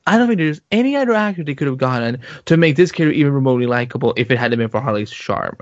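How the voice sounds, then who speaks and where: A man co-hosting a casual podcast, talking in an animated, excitable way with many restarts. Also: mid-range voice, rapid-fire, no room sound. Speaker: podcast co-host. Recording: dull muffled lo-fi sound.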